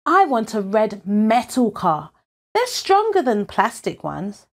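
An eager, sly young boy from a storybook, as a woman reader puts him on, his voice jumping high and swooping widely. He talks slowly and brightly, excited and pleading. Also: full character voice.

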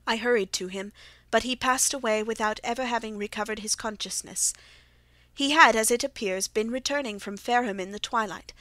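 A woman reading a classic story aloud as an audiobook, in a steady, measured first-person telling. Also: mid-range voice, dry recording. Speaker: audiobook narrator.

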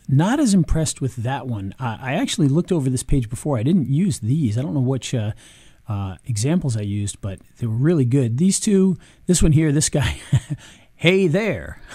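A man casually reviewing software on screen, chatty, with frequent ums and restarts. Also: medium pitch, big pitch swings, moderate pace, breathy edge, no echo, studio quality. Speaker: video marketing reviewer.

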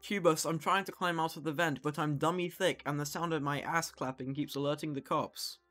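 Bright-voiced joking male streamer. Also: on the high side, fairly even intonation, a little fast, faint music behind. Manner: joking, crude, rambling. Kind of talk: casual gaming banter with a friend.

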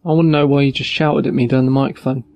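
A man's voice: medium pitch, flat delivery, fast talker, vocal fry, a little mellow, dull audio, close to an everyday voice. A man voicing a cocky young wannabe gangster with a taunting manner.

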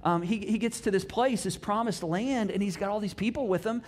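A middle-aged pastor preaches in a relaxed, chatty way, leaning into the story with jokes and asides. His man's voice sits high, and it swings from loud emphasis to near-quiet musing. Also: fairly quick, slight background noise. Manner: animated storytelling with playful asides, wide swings in pitch and loudness. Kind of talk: casual conversational sermon.

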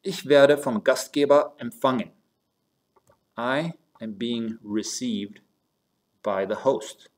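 A man at medium pitch teaches German grammar in a recorded lesson. He works step by step through German and English phrases, addressing his students as "you guys."

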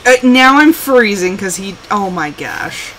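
A woman's voice: mid-range voice, lively intonation, unhurried, a bit bright, a little hiss or hum, rough recording. A woman streaming a survival game live, chatting casually and exclaiming, scolding her game character as she plays. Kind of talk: casual live gameplay commentary.

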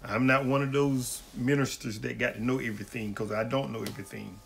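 A man's voice: mid-range voice, fairly even intonation, brisk, creaky, a little hiss or hum. A man, a pastor hosting a livestream question-and-answer session and greeting viewers by name in a folksy way. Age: adult, married.

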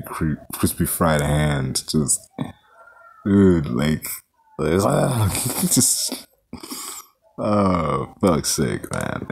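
Casting: a deep, gravelly guy reviewing a film, loose and profane with lots of fillers. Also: darkish tone. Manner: rambling, profane, filler-heavy. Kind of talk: casual movie review vlog.

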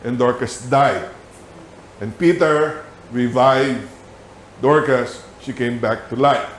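A man with a Filipino accent teaching a Bible lesson in a church, telling stories in an animated way with laughter. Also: mid-range voice, takes it slowly, roomy sound, a little hiss or hum. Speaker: Sabbath school teacher. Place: church hall.

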